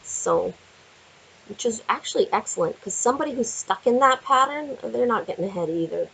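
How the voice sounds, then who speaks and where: Ożywiona, chropawa kobieta. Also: female voice, a little high, fairly quick, vocal fry, slightly rough, poor audio. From Canada. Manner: chatty, laughing, animated asides. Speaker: tarot card reader. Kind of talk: casual tarot reading vlog. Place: home with window view.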